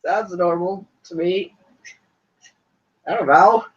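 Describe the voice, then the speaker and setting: A man's voice: high voice, takes it slowly. A young man co-hosting a casual reality TV chat, dry and wisecracking. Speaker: podcast co-host. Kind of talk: casual banter about reality TV. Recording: distant, dull lo-fi mic.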